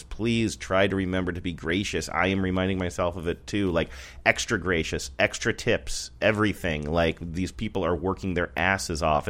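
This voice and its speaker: A man with a very low voice talks loosely on a podcast, rambling and stopping to correct himself. He laughs often between thoughts. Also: fairly bright tone. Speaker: podcast co-host. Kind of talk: casual chat. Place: North Seattle area.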